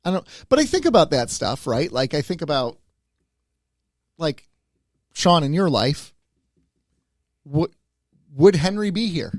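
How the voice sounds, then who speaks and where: A man's voice: fairly high pitch, very animated, a little slow, pauses often, no room sound, clean studio sound. A man co-hosting a casual podcast, musing aloud and often checking in with "right?". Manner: musing, thinks aloud with many "right?" tags. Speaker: podcast co-host. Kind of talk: casual chat.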